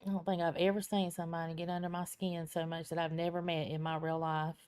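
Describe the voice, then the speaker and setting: A woman's voice: fairly low pitch, level tone, fast, a little mellow, clean tone. A woman chatting casually on her live stream, greeting viewers by name with plenty of ums and laughs, sounding tired. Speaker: live-stream tarot reader. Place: at home at her computer with a small fan running. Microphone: computer mic.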